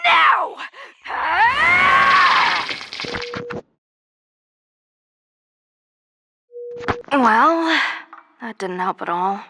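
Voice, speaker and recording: A woman's voice: on the high side, pushed and bright, a little hiss or hum, full character voice. A woman voicing a hot-tempered, lonely teen girl fire master, chatting in a voice-note monologue and answering her own questions. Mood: upset.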